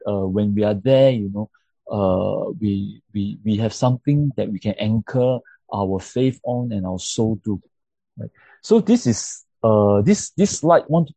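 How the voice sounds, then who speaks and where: A man teaching a church class on grief and pastoral care with slides. He speaks haltingly, with many fillers and repeated words, and keeps checking in with his listeners by asking "right?". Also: fairly low pitch, mellow, slightly rough, dry recording. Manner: checks in often with tag questions like "right?". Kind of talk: interactive lecture with slides. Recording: dull lo-fi recording.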